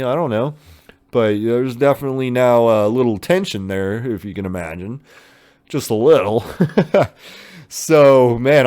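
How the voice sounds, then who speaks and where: A man's voice: medium pitch, darkish tone. A man in his thirties giving a loose, profane, filler-heavy review of a TV episode. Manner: loose and profane, many fillers, retells scenes in voices. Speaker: TV show reviewer. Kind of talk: casual rambling episode review.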